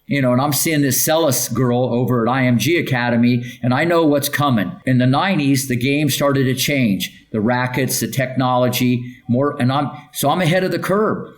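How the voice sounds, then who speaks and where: A man's voice: mid-range voice, normal speed, hardly any pauses. An older man and tennis coach telling stories in a podcast interview, emphatic and punchy, rattling off lists of names and checking in with "okay?".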